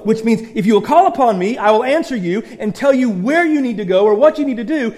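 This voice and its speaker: Male pastor, high-pitched, sermon delivery with big swings from soft to shouted, repetitive restarts. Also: expressive, quick pace, few pauses. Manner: repeats and restarts phrases.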